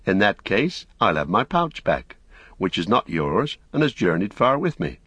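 A man's voice: fairly low pitch, very animated, a little slow, a bit bright, breathy edge, no echo, heavily acted. Merry, a man playing a plucky young hobbit. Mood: frank.

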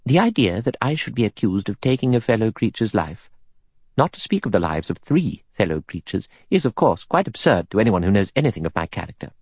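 A man's voice: fairly low pitch, sing-song, fairly quick, darkish tone, husky, dry recording, studio quality, pitched above the performer's own voice, heavily acted. A man voicing a cold, prim, self-righteous elderly spinster.

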